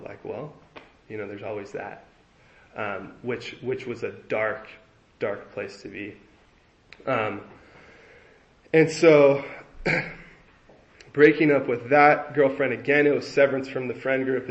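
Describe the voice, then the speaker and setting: Halting young man in a roomy recording. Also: mid-range voice, a bit bright, muffled recording. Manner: halting and reflective, with frequent restarts. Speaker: recovery meeting speaker. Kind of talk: personal recovery share.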